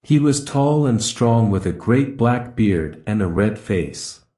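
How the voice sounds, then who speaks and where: A man reading a graded story for English learners in a clear, measured way. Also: fairly low pitch, animated, dark tone. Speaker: story reader. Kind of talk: scripted narration for English learners. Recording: roomy echo.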